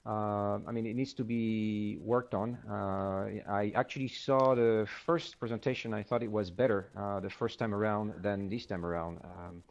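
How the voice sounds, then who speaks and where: A man judging a pitch over a video call, frank in his feedback and full of fillers. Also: steady tone, moderate pace, vocal fry, hardly any pauses. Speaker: pitch contest judge. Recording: dull lo-fi video call audio.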